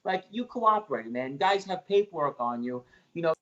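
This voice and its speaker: A man's voice: fairly high pitch, animated, normal speed, pushed and bright, lo-fi sound. A man in a played podcast clip, talking bluntly with frequent restarts. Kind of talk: casual chat.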